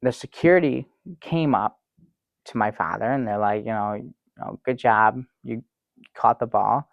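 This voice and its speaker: A man playing a gravelly, earnest sad sack. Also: lowish voice, unhurried, dry recording, highs cut off. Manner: earnest, rambling storyteller with many restarts. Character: naive sad-sack man, middle-aged, earnest and oblivious. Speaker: comedy sidekick telling a story. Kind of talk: improvised sketch comedy banter.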